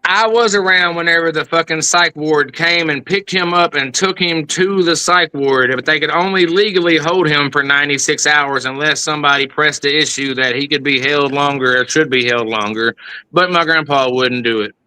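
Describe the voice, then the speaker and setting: Worked-up man swearing in a bright voice. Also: on the high side, moderate pace, clear, resonant tone, poor audio. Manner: profane, worked up, rambling. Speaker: guest. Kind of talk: heated casual chat.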